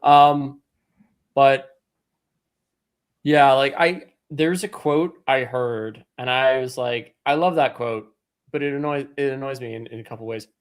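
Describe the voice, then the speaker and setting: A man who is an author guest on a podcast, rambling and thinking out loud in casual chat. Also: medium pitch, measured pace, clear, resonant tone.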